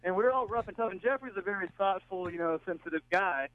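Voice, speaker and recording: High-voiced man calling in on a tinny phone line. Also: fast. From Texas. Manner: rambling, jokey. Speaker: caller. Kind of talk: casual storytelling.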